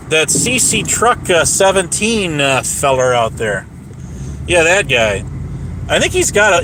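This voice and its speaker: A man's voice: a little high, bright, forceful tone, a little hiss or hum. A man ranting on a casual livestream, rambling and profane, with lots of restarts.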